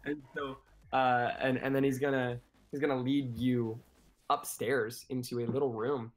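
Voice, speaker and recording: A man's voice: mid-range voice, little pitch movement. A man narrating an improvised tabletop game as game master, rambling with many fillers. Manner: rambling, filler-heavy, fast.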